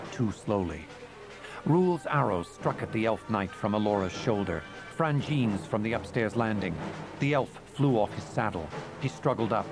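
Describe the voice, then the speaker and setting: A man narrating a fantasy audiobook in a low, measured voice, building the drama steadily. Faint music plays behind him. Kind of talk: scripted narration.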